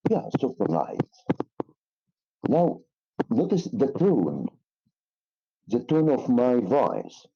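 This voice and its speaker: A man with an Egyptian accent teaching an English lesson, speaking haltingly with many fillers and restarts. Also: mid-range voice, wildly swooping pitch, warm tone, husky. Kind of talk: explaining a lesson. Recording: dull lo-fi recording.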